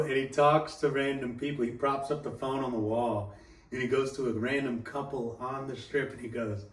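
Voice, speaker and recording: In a medium-pitched voice at a moderate pace, a young man spins a loose, profane story and animatedly quotes others. The recording is echoey and distant-miked, with a faint noisy background.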